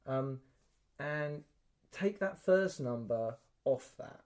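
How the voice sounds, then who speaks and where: A man's voice: medium pitch, takes it slowly. A man co-hosting a podcast, telling a story in casual chat and acting out the quotes. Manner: animated storyteller, acts out quotes, swears. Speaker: podcast co-host.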